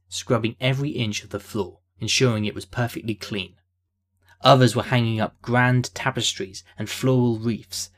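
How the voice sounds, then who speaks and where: Man reading a fantasy story aloud. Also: on the low side. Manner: steady, descriptive reading. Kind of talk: scripted narration of a fantasy story.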